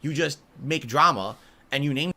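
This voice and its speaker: A man's voice: fairly high pitch, moderate pace, pushed and bright. A man speaking in a documentary interview, sounding aggrieved and defensive about how he is treated online. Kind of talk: interview clip played on stream.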